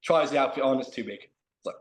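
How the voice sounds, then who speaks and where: A man's voice: mid-range voice, brisk, echoey room. A man telling a long, self-mocking story in casual chat as a guest on a video call.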